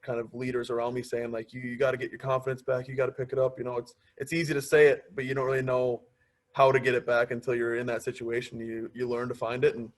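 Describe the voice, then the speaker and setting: A man's voice: mid-range voice, quick pace. Young man telling stories on a podcast. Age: 20s. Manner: storytelling, quoting others in lively asides. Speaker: podcast guest, pro hockey player. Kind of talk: casual interview chat.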